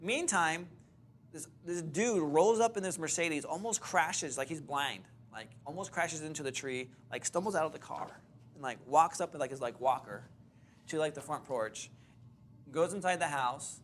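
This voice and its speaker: A man's voice: fairly high pitch, moderate pace, slight background noise. A man teaching a real estate course, telling a story to a seminar audience and acting out the dialogue as he goes. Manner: animated storyteller, acts out quoted dialogue.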